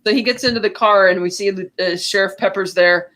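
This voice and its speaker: A woman co-hosting a podcast, recapping a film plot in casual chat and acting out quick quotes as she goes. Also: mid-range voice. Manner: animated storytelling with quick acted-out quotes. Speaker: podcast co-host.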